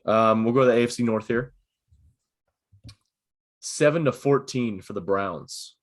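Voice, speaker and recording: A man's voice: mid-range voice, unhurried. A young man co-hosting a casual podcast over a video call, steadily working through a list with "um" and "uh". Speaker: podcast co-host. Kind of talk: casual chat.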